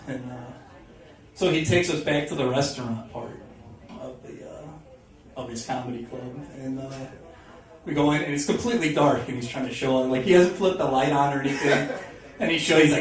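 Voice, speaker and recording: A man's voice: fairly high pitch, fairly quick. A young man doing stand-up, telling a rambling story full of swearing and laughing through his punchlines. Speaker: stand-up comedian. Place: comedy club stage. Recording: roomy, distant mic, audience noise. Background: audience in a club.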